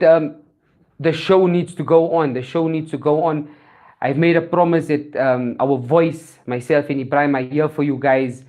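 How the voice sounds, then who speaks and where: A woman's voice: sits low, dark tone. A woman host with a South African accent giving an earnest motivational talk, repeating phrases for emphasis. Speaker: show host.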